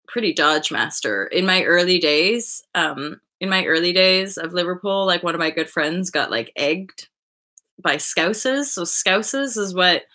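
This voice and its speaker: A woman hosting a spiritual livestream, chatting casually and rambling with her viewers, often jumping into high excited asides. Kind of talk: casual chat with live viewers.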